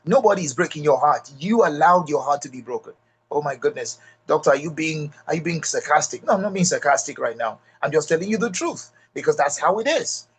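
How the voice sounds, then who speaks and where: A man's voice: fairly high pitch, lively intonation, fairly quick, breathy edge. A middle-aged man with a Nigerian accent gives an emphatic motivational talk at a leadership retreat, repeating key lines and speaking straight to the audience.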